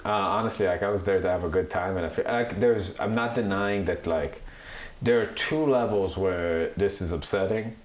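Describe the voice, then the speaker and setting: A man's voice: deep voice, moderate pace. A man in his thirties, a podcast co-host, chatting casually and rambling with many restarts. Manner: rambling, animated, mocks Italian accents. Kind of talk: casual chat. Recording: echoey room with faint noise.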